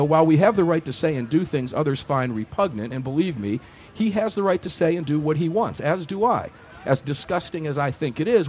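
A man's voice: fairly high pitch, a little mellow, a little hiss or hum. Opinionated male talk radio host, emphatic and indignant, live from a fair booth. Dull lo-fi broadcast sound.

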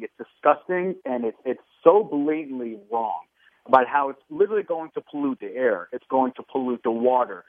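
A man's voice: medium pitch, no room sound. A man calling in as a radio show guest, talking in an indignant, heated way. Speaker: guest, gun rights advocate. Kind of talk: phone interview on talk radio. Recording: tinny phone line, dry.

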